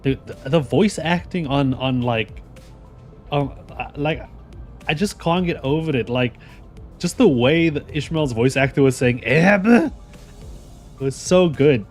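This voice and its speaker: An excitable male streamer chatting through a game in a mid-range voice, rambling with lots of restarts and laughter. His delivery is loose and talkative, with faint music playing underneath. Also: medium pitch, measured pace. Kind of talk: casual gameplay commentary.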